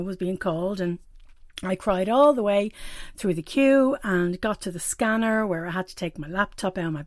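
A woman's voice: medium pitch, no echo. A middle-aged woman shares a personal reflection in a candid, self-deprecating way, often laughing at herself. Her voice sits close and dry on the mic, with no room sound around it. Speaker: weekly reflection presenter.

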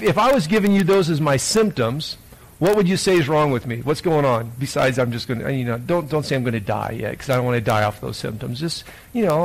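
A man's voice: fairly high pitch, creaky, low-quality recording. A man preaching a children's sermon in church, reading scripture and then asking the children playful questions. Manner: playful, asks the listeners many questions. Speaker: pastor.

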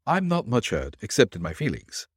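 A man's voice: on the low side, wildly swooping pitch, normal speed, slightly rough, dry recording, studio quality, full character voice. A man voicing a stubborn male detective who talks in a blunt, sardonic way. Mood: indignant.

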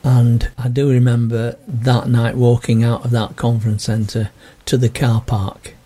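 An older man, telling his personal story in an interview in a gentle, earnest way. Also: mid-range voice, little pitch movement, a little slow, husky. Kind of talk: reflective personal testimony.

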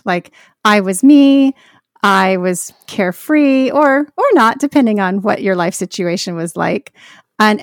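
A woman speaking as a podcast guest in a Christian conversation, earnest and heartfelt, with soft laughs. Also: mid-range voice, gravelly, no echo, clean studio sound.

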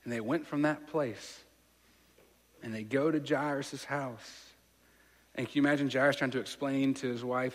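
A pastor preaches in a relaxed, conversational way, walking listeners through a story. His voice sits in a middle pitch. It carries the long reverb of a large hall. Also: normal speed. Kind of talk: sermon.

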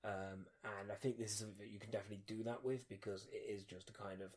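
A man's voice: on the low side, level tone, fast, darkish tone. A man co-hosting a podcast in casual chat, who laughs often and trails off with ums. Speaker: podcast co-host.

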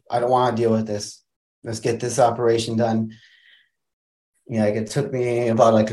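Podcast guest, young adult male, slightly low pitch, loose conversational storytelling with many restarts. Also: a little mellow. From Wisconsin, USA. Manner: casual, rambling, many likes and restarts. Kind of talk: personal storytelling in an interview.

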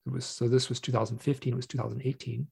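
A man, a podcast guest and author, telling a personal story in a casual, animated way, often restarting his sentences. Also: mid-range voice, racing, creaky, slightly rough. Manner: animated, emotional retelling with many restarts. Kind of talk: conversational storytelling.

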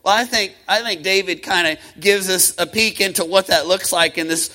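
High, bright-voiced male preacher. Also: poor audio. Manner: impassioned, rhythmic preaching with repetition and calls to the congregation; swings from quick talk to slow, drawn-out emphasis. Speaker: pastor. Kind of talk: sermon.

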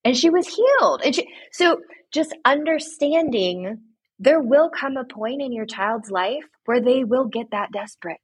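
Husky-voiced woman giving earnest advice. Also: high-pitched, a little slow, no room sound. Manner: earnest, direct, retells stories with lively asides. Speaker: guest speaking to parents. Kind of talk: earnest faith-based advice talk.

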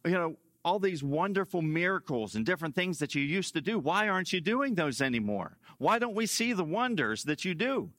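A man's voice: high voice, sing-song, a little fast, few pauses, fairly bright tone, dry recording, clean studio sound, voice pushed up. A man doing a frightened, pleading young man. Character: anxious doubting young man pleading with God.

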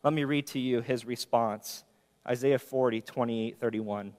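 A man preaching a sermon as pastor, earnest, slowing down to read scripture with emphasis. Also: medium pitch, a little mellow. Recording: long hall reverb.

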